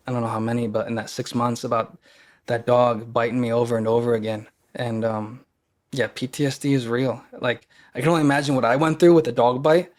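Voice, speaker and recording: A man's voice: mid-range voice, a little mellow. Earnest man telling a personal story. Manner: earnest, openly emotional. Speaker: podcast guest. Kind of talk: casual storytelling.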